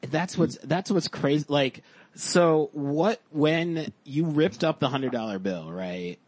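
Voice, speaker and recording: A man hosting a casual chat, relaxed, reacting with short interjections and swearing casually. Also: fairly high pitch, slow, no echo.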